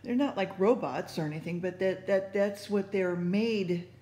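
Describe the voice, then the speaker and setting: A woman's voice: mid-range voice, moderate pace, mellow. A woman sharing her faith thoughts in casual, rambling talk, full of fillers and restarts. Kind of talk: casual spoken reflection. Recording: echoey room.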